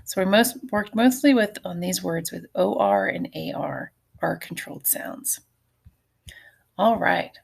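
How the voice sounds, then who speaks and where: A middle-aged woman teaching a recorded phonics lesson, with a slightly low voice that has a gravelly edge. She talks slowly and patiently, sounding out each syllable and letter for her students.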